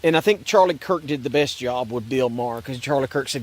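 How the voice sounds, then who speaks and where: A man's voice: medium pitch, fairly quick. A man ranting in a sarcastic, repetitive way about religion and politics, rambling and restarting his sentences. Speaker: online commentator.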